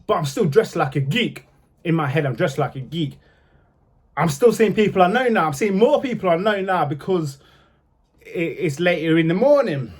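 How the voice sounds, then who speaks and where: A young man tells his own story to camera in a blunt, casual way, swearing freely and moving between anger and quiet regret. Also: high voice, expressive, normal speed, husky.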